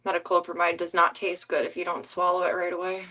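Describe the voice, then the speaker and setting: Soft-spoken woman coaxing her pet. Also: fairly low pitch, monotone, fast. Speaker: streamer. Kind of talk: casual chat. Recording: distant mic.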